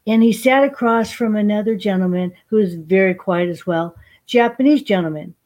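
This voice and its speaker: A woman's voice: medium pitch, normal speed. Woman, older, podcast guest, chatty storyteller, says honey. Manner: warm and chatty, calls people honey. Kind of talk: casual interview storytelling.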